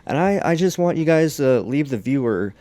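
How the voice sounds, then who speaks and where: A man's voice: fairly high pitch, expressive, moderate pace, mellow, no room sound. Upbeat male podcast host, dry sound. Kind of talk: casual chat.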